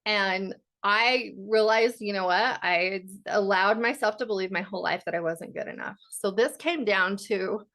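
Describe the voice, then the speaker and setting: A woman's voice: medium pitch, a bit bright. A woman self-help coach speaking in a casual livestream talk, candid and blunt, swearing freely.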